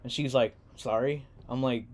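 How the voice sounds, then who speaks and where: A man's voice: mid-range voice, steady tone, normal speed, a little mellow. A young man from San Diego hosting a podcast, talking in a laid-back, rambling way and laughing often. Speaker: podcast host. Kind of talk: casual chat.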